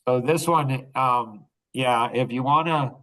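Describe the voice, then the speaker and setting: A man's voice: mid-range voice, slow pace, pushed and bright, low-quality recording. An older man hosting a podcast, talking in a rambling, casual monologue full of restarts and laughter. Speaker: podcast host.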